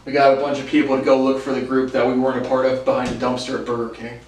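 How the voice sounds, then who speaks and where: A man's voice: mid-range voice, completely flat delivery, rapid-fire, darkish tone, a little hiss or hum. A young man telling casual stories with lots of laughs, restarts and fillers. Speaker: podcast host. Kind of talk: casual storytelling. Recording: roomy, distant from the mic.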